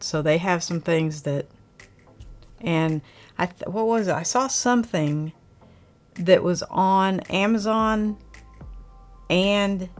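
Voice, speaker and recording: A woman from Oklahoma with a light Oklahoma twang, hosting her channel in a rambling, chatty live talk and answering viewer comments. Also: on the low side. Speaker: channel host reviewing camera gear. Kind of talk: casual live chat.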